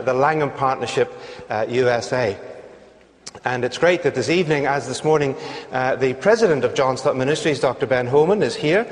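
A man with a Northern Irish accent, a guest preacher giving a sermon in a gracious, measured way with frequent fillers. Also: medium pitch. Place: large church sanctuary. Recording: church sound with long reverb.

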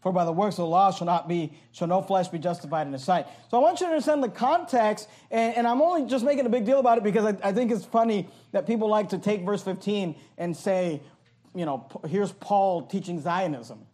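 A man's voice: sits high, brisk, darkish tone. A man preaching a verse-by-verse sermon, emphatic and pointed, often repeating and restarting his phrases.

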